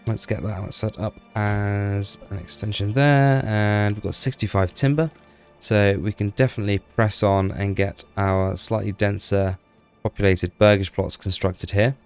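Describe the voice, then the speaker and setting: A man's voice: fairly low pitch, fairly even intonation, unhurried, clear, resonant tone, faint music behind. A man giving casual, chatty gameplay commentary, talking to the little townsfolk on screen with a self-deprecating manner. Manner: chatty, self-deprecating, talks to game characters.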